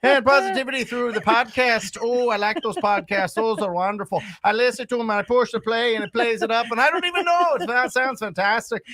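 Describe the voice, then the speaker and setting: A man's voice: very high-pitched, fairly quick, hardly any pauses, sharp tone, dry recording, pitched above the performer's own voice. A man putting on a hammy stage-Irish voice. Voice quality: exaggerated lilting put-on brogue. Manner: hammy, cries out in mock rapture. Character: jolly stage-Irish man, theatrical and preachy.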